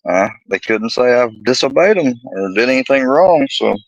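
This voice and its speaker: A man's voice: mid-range voice, lively intonation, moderate pace, no echo, muffled recording. Profane, rambling man ranting. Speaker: vlogger telling a personal story. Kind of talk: heated personal rant.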